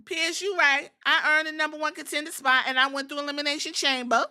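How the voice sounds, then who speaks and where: A woman's voice: sits high, fairly even intonation, a little fast, sharp tone, voice pushed up. A woman voicing a confident, self-assured female wrestling champion in a sassy, assertive way.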